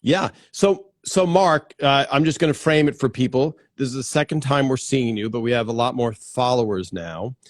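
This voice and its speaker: A man's voice: medium pitch, moderate pace, few pauses, dry recording, clean studio sound. A man hosting a casual live stream, chatting and greeting viewers by name as he goes, with frequent restarts. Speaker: livestream host. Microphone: plugged-in desk microphone.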